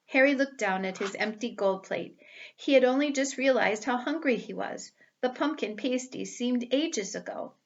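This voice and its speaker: A woman reading a storybook aloud with careful, expressive delivery. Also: a little high, normal speed, lo-fi sound.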